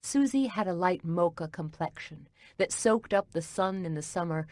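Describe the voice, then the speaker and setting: A woman reading a cozy mystery audiobook as narrator, in a calm, even storytelling manner. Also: fairly low pitch, normal speed, dry recording, clean studio sound.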